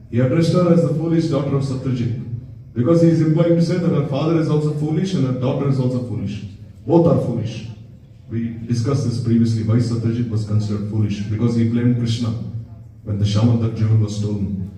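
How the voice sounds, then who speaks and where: Male spiritual teacher, sermon storyteller who checks in with listeners; deep mellow tone, far from the mic. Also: fairly quick. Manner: storytelling with rhetorical questions to listeners. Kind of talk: devotional sermon. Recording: very echoey room, distant mic.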